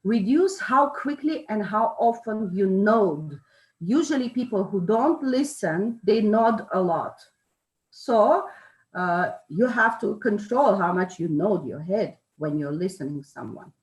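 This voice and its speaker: A woman explains things slowly and carefully. She often pauses, uses fillers and corrects herself mid-phrase. Her voice carries a roomy echo. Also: medium pitch, animated, darkish tone. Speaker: speaker on charisma. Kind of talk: informal talk with a participant. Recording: echoey room.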